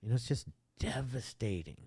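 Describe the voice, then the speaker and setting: A man's voice: medium pitch, animated, normal speed, dark tone, husky. A middle-aged man from the United States talking candidly on a podcast, rambling and restarting his sentences. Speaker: podcast host. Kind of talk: casual conversation.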